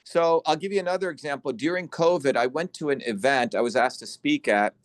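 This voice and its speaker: A man hosting an online symposium, lecturing forcefully and bluntly over a video call, swearing for emphasis. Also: a little high, brisk, no echo. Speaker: symposium host and educator.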